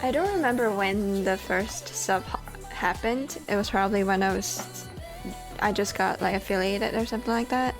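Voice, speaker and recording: A woman's voice: mid-range voice, moderate pace, over music. A young woman streaming, chatting casually and laughing often while a little out of breath. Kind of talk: casual chat.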